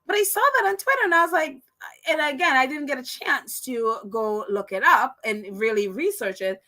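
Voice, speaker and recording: Host: Caribbean-accented woman, high and bright, chatty live-stream commentary, laughs easily. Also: lively intonation, normal speed. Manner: chatty, reads viewer comments aloud, laughs often.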